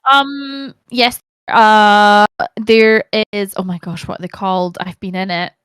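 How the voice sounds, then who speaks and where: A Scottish woman, a podcast guest, telling stories in an animated way, laughing and swearing freely. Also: medium pitch, unhurried, clear, resonant tone, no echo, clean studio sound. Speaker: podcast guest, actor and streamer. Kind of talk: casual chat.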